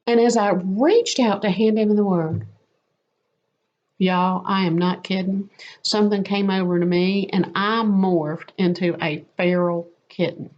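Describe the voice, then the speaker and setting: A woman telling a lively, self-mocking personal faith story as a testimony. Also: medium pitch. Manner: animated, quick and self-mocking. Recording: slightly muffled lo-fi audio.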